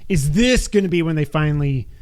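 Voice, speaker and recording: A man co-hosting a casual gaming podcast. His voice sits a little on the high side, and he runs through news items, then tacks on wry, opinionated remarks. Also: expressive, brisk, a little mellow, clear, resonant tone. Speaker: podcast co-host.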